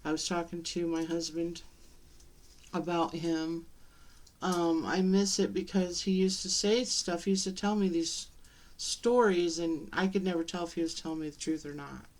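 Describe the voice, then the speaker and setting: A middle-aged woman talking to the camera in a personal vlog, halting and tearful, with many pauses and restarts. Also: fairly low pitch, fairly even intonation, darkish tone. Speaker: vlogger.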